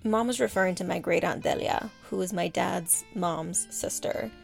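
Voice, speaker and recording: A woman narrating her family's history in a calm, even, explanatory way. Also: on the low side, normal speed, gravelly, soft background music. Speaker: documentary narrator, the speaker's daughter. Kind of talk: scripted narration.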